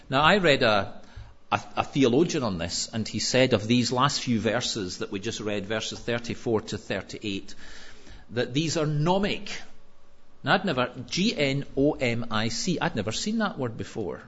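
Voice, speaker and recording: A man preaching a sermon in a lively, conversational storytelling way with touches of humor. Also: medium pitch, normal speed, breathy edge, dull audio.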